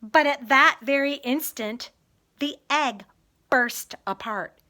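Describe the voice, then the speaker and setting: A woman reading a rhyming children's story aloud with expressive, rhythmic storytelling. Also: high-pitched, takes it slowly. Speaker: storybook reader.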